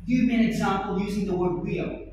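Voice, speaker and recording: A male English teacher giving a classroom lesson, speaking loudly and emphatically, repeating points and pressing students to answer. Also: sits high, steady tone, fairly quick, a little hiss or hum. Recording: far-off echoey classroom recording.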